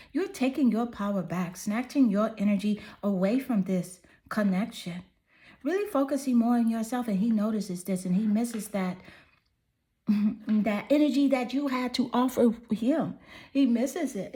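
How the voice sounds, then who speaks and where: Mellow-voiced woman giving a tarot reading. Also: mid-range voice. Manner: soothing, affirming, chatty with "you know" fillers. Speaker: tarot reader. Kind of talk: pick-a-card tarot reading.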